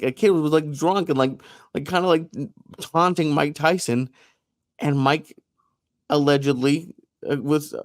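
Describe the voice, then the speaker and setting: A man's voice: a little high, no echo, studio quality. A young man co-hosting a podcast, chatting in a rambling way with lots of fillers. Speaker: podcast co-host. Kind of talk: casual chat.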